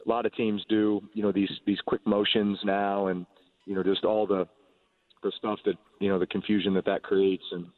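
Middle-aged man, low-set voice, halting phone-in guest, dry tinny line. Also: dry recording. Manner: halting, many restarts and fillers. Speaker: quarterback guest. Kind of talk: casual radio phone interview.

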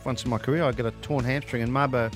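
A middle-aged Australian man in casual banter as co-host, teasing with dry quick quips. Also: mid-range voice, fairly even intonation, faint music behind.

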